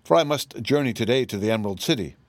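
A man reading an audiobook, voicing a kindly tin man emperor in a gentle, grave, measured way. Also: mid-range voice, lively intonation, no echo, natural voice.

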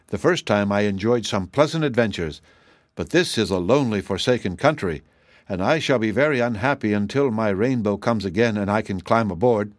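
A man voicing a dainty, reckless young female rainbow fairy in a high, pleading and imperious tone. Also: dry recording, clean studio sound, lightly acted. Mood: distressed. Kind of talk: storybook character voice.

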